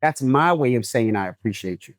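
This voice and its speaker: Animated man making his point on a podcast. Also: mid-range voice, a little fast, no room sound, studio quality. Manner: emphatic storyteller, keeps asking "right?". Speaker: podcast co-host. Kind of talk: casual chat.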